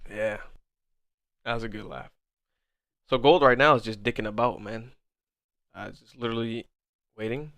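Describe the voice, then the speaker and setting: A man in his twenties hosts a forex trading livestream, reading chat and bantering casually while laughing hard and swearing a lot. His mid-range voice is steady and a bit bright, moving at normal speed with frequent pauses, and there's no room sound.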